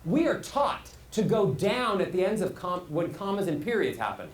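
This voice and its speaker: A middle-aged man teaching as a voice coach, animated and swinging his pitch widely to make his points. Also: normal speed. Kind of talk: speaking lesson. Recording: roomy sound with faint hiss.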